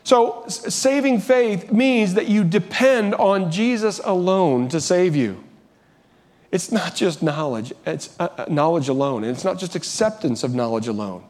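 A man's voice: sits high, animated, a little slow, darkish tone. A man preaching a sermon as pastor, earnest, often restarting and repeating phrases, rising when he urges.

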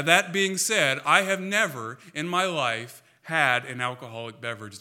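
A man's voice: mid-range voice, bright, forceful tone. A man preaching a sermon in a church, earnest and emphatic, often asking the congregation rhetorical questions. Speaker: pastor.

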